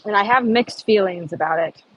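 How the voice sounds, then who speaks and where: A woman's voice: mid-range voice, brisk, low-quality recording. A woman chatting casually on an outdoor livestream, rambling and answering viewer comments. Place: outdoors on a humid morning.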